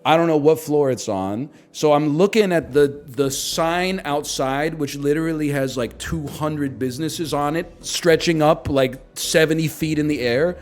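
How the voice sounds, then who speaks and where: A man's voice: a little high, a little slow, few pauses. A man in his thirties telling a rambling, profane, self-deprecating story in casual stream chat. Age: 30s.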